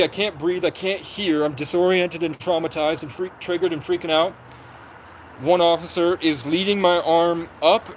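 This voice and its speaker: A young man on a livestream, recounting events in an agitated, rapid way and acting out what people said. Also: fairly high pitch, a little hiss or hum, low-quality recording. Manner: agitated, rapid storytelling with reenacted quotes. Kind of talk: livestream monologue.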